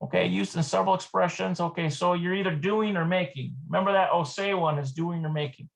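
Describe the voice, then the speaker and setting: Gravelly and medium in pitch, the voice of a Hebrew teacher comes through a live online session, thinking aloud with hesitation and unhurried repetition of words.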